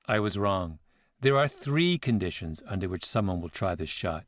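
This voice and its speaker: A man hosting a podcast, telling a story in scripted narration with a measured, reflective manner. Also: low-pitched, animated, dry recording. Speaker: podcast host.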